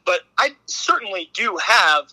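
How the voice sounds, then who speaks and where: A man with a Midwestern American accent, working as a girls basketball coach, talks casually in a podcast interview. His voice is very bright and a touch high for a man, and it is recorded close and dry. He is earnest and keeps circling back with restarts and "I think.". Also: lively intonation, measured pace, dry recording, rough recording.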